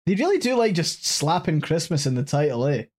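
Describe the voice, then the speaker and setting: A Scottish podcast co-host in casual chat, animated, swearing freely and laughing often. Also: medium pitch, brisk, slightly rough.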